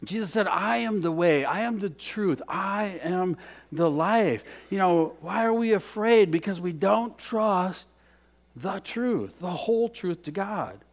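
A high-pitched man preaching a sermon. He drops to near-whispers and then rises to emphatic, raised lines, repeating key phrases over and over. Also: expressive, slow pace. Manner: dynamic, swings from hushed to emphatic. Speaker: pastor.

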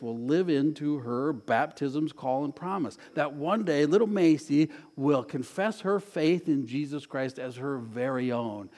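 A man's voice: mid-range voice, darkish tone. A middle-aged man preaching a sermon as pastor, earnest, repeating key phrases and inviting the congregation to say them back.

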